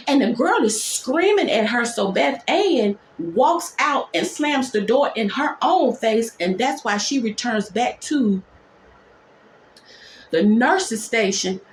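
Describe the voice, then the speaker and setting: A woman nurse telling a dramatic workplace story in a storytime vlog, talking in quick, animated bursts. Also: fairly high pitch, echoey room, a little hiss or hum.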